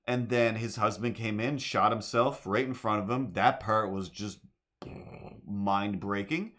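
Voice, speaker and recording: A man with a fairly low voice chats loosely on a livestream from his apartment while drawing. He rambles, jumps between topics, and breaks into little sung bits and cat talk. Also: fairly even intonation, a little slow, fairly bright tone. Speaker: streamer. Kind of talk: casual streaming chat while drawing. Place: home apartment.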